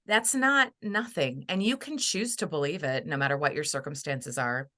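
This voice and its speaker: Middle-aged woman, podcast guest; bright, low-ish voice, sincere and reflective. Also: normal speed. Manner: earnest and heartfelt, acts out quoted voices. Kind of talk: reflective interview conversation.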